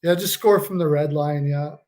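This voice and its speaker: Laughing, high-voiced man reacting live. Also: normal speed, warm tone. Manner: laughs a lot, swears, loose and joking. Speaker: live stream host. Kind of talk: casual live game reaction commentary.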